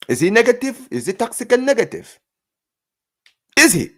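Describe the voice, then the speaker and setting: The host of this live football reaction chat is a man with an extremely high-pitched voice speaking at normal speed. Animated and sarcastic, he rants repetitively and says "bro" a lot.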